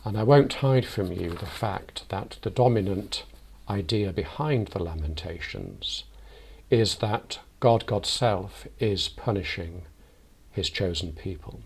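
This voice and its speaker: A man with a deep, low voice delivers a reflective sermon. His tone is husky, and he speaks in a measured, deliberate way. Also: darkish tone. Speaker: parish priest.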